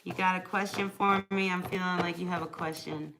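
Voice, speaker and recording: A woman's voice: lowish voice, steady tone, fairly quick, gravelly, heavy background noise. A woman chatting casually during a live tarot reading, answering viewers by name and laughing often. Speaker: tarot reader.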